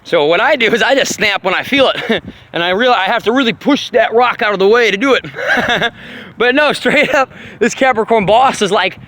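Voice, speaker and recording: A man rambling casually and profanely, laughing often, in an animated monologue. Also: very high voice, a little fast, very noisy. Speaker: vlogger on astrology.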